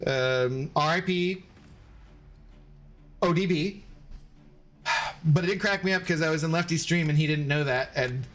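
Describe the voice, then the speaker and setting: Laid-back streamer, a man, higher voice. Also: unhurried, long pauses, a bit bright, soft background music. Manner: laid-back, laughs often, swears casually; thanks viewers for gifts by name. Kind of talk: casual livestream chat while gaming.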